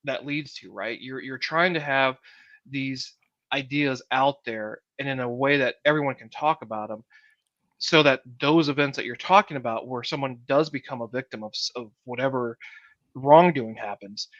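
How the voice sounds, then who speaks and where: A man's voice: medium pitch, normal speed, fairly bright tone, no echo, muffled recording. A man co-hosting a podcast, talking casually and rambling, often repeating words while he gathers his thoughts. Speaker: podcast co-host.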